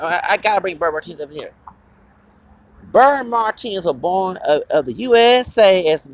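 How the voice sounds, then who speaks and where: A man hosting his own channel, delivering an angry, profane and rambling confrontational vlog rant. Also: high-pitched. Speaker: channel host.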